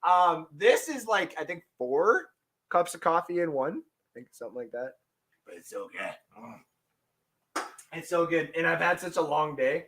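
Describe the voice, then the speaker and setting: A man hosting a casual sports podcast, rambling and joking, breaking into shouted bits. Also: a little high, big pitch swings, a little slow. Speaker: podcast host.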